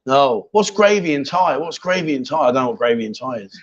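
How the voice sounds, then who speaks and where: A man's voice: a little high, lively intonation, brisk, muffled recording. A man hosting a live chat show from a bar, chatty and teasing, joking as he goes. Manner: jokey, chatty, teasing, repeats himself. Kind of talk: casual live-stream chat. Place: bar in Thailand.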